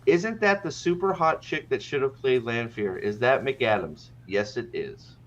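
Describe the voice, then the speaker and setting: Excitable sarcastic man hosting a reaction show. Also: medium pitch, a little slow, dull audio, a crowd in the background. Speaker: show host. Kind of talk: casual reaction chat.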